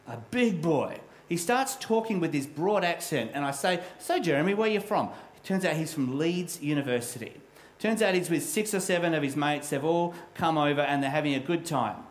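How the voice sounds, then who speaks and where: A man's voice: fairly high pitch, roomy sound, poor audio. A middle-aged man preaching a sermon as a pastor, telling a personal story in a candid, self-deprecating way.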